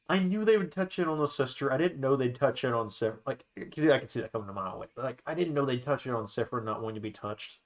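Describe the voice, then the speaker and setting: A woman streaming a story game, reacting emotionally and reading the text aloud. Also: a bass voice. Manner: emotional, exclaiming and laughing at the story. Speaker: gaming streamer. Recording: clear game music behind. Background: game music.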